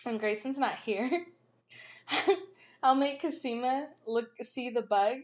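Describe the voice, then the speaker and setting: High-voiced mom telling stories. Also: female voice, slow. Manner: laughing, animated storyteller. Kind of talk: casual chat.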